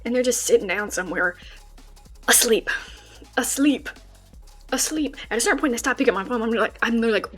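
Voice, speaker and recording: A young woman streamer telling a casual story, animated and swearing freely. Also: on the high side, moderate pace, soft background music.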